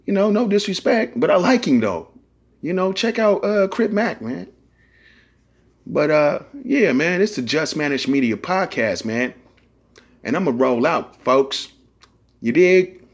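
Give me a man hosting a podcast in a loose, profane monologue. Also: medium pitch. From San Francisco Bay Area. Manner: profane, rambling, streetwise slang. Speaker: podcast host.

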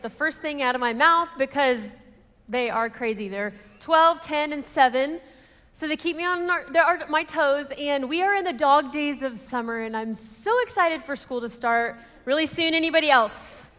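Woman, Texan accent, thirties, chatty church speaker, bright tone, long hall reverb. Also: sits high, normal speed. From Texas. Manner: chatty, self-deprecating, asks the audience questions. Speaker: speaker at a church women's event. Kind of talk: personal story in a sermon.

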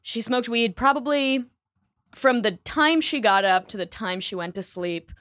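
Woman podcast co-host, young adult, deadpan and wry, swears freely; mid-pitched voice, dry close mic. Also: measured pace, dry recording. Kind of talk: casual chat.

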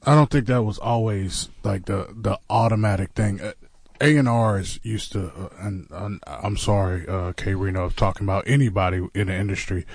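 A man's voice: fairly low pitch, normal speed, dry recording. A man hosting a casual podcast chat, joking around and hesitating with lots of fillers. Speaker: podcast host.

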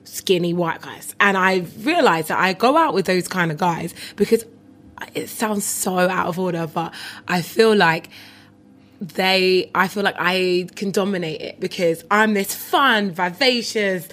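A young woman with a London accent, a comedian chatting as an interview guest, animated and quick to laugh. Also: lowish voice. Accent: London English. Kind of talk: casual interview chat.

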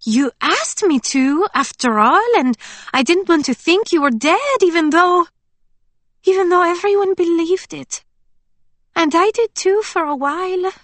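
A woman voicing a bubbly young waitress in an audiobook, with a high, drawn-out, gushing manner. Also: expressive, fairly bright tone, dry recording, exaggerated voice. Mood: earnest. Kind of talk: audiobook character voice.

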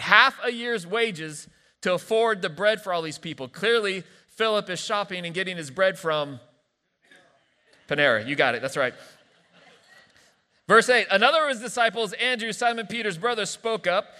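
Joking pastor preaching in a reverberant church hall. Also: male voice, high voice, lively intonation, moderate pace, sharp tone. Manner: playful, joking asides between scripture reading. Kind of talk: sermon.

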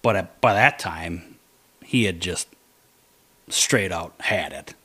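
A man telling a hunting story in casual chat, animated, dropping to low mutters to quote his own thoughts. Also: slow pace, slightly rough.

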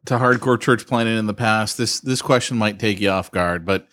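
A man's voice: on the low side, normal speed, fairly bright tone, no room sound, studio quality. A man co-hosting a podcast, teasing and playful, also reading the outro. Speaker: podcast co-host. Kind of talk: casual podcast chat and outro. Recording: music bed behind voice.

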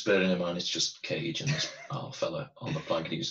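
A man chatting casually about a film, animated with stammering restarts. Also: low-pitched, brisk, few pauses, reverberant, slight background noise, poor audio.

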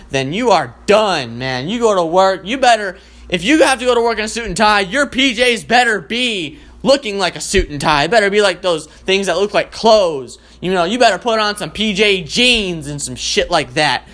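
A man doing a rambling, profanity-filled comic rant in a casual, animated way. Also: high voice. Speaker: comedian.

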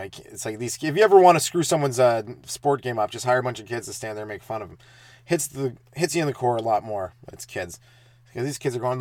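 A man in his thirties hosting a comedy podcast, telling stand-up stories and acting out the people in them with sudden loud, high bursts. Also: dry recording. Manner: animated, acts out kids' taunts with sudden loud high bursts. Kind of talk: comic storytelling monologue.

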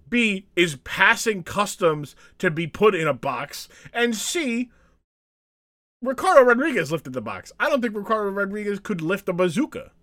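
A man's voice: fairly high pitch, big pitch swings, normal speed, a bit bright, dry recording. A man hosting a podcast, recapping a wrestling match in casual, rambling, joking chat. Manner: rambling, joking, trailing off with fillers. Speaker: podcast host.

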